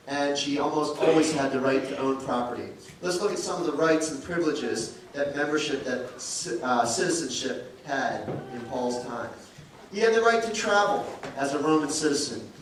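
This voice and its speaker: A man's voice: a little high, a little hiss or hum. A man preaching a sermon as pastor, telling stories and acting out the quoted dialogue. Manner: storytelling, acts out quoted dialogue. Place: church sanctuary. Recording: far from mic, very echoey church hall.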